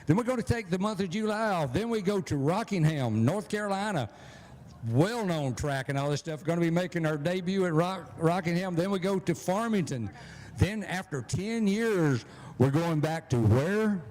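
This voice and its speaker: A man with a Southern US accent, announcing live at a drag strip on a handheld mic, folksy and quick, tripping over his words. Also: high voice, lively intonation, darkish tone, slight background noise. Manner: fast-talking, folksy, slips on words. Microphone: handheld microphone.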